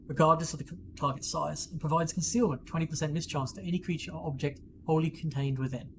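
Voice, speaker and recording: A man running a tabletop game, casually reading item rules and scene details. His voice sits slightly high. A steady hiss runs under the stream audio. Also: fast. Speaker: game master.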